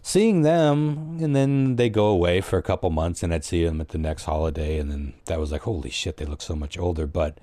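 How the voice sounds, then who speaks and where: A man's voice: deep voice, fairly quick, hardly any pauses, mellow, no room sound. A man co-hosting a podcast, rambling in casual chat, swearing and joking along. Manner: rambling and chatty, swears, chimes in with jokes. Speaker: podcast co-host.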